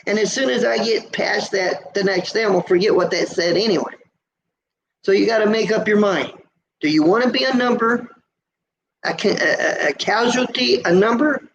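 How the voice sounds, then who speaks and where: Gravelly high-voiced trucker, lo-fi stream. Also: male voice, slight background noise. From USA. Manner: folksy, teasing, preachy about road safety. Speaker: trucker vlogger hosting a live Q&A. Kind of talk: casual live-stream chat, reading viewer comments. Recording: dull lo-fi live-stream audio.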